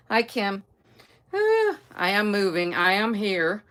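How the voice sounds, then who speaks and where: A woman's voice: mid-range voice, very animated, slow, a bit bright. A middle-aged woman chatting casually on a live stream, greeting viewers by name and trailing off with fillers. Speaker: livestream host.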